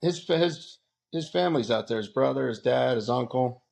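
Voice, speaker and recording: A man with a gravelly, creaky voice, chatting casually in a group. He tells rough, crude anecdotes and laughs his way through them. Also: medium pitch, lively intonation, normal speed, darkish tone. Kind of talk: casual chat.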